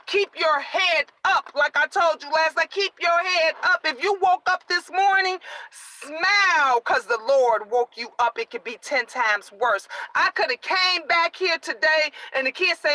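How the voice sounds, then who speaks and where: A middle-aged woman live-streaming to her viewers, excited and preachy, urging them to keep praying. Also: sits high, normal speed, low-quality recording. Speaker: vlogger.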